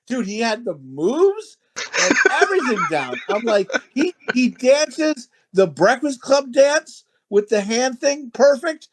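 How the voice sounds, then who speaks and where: A man co-hosting a casual podcast chat, crude, rambling and excitable, often talking over others. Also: extremely high pitch, takes it slowly. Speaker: podcast co-host.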